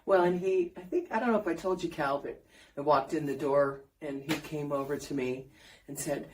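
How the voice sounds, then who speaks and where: Middle-aged woman with a lowish voice. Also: moderate pace, a little mellow. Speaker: guest, family member. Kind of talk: casual chat.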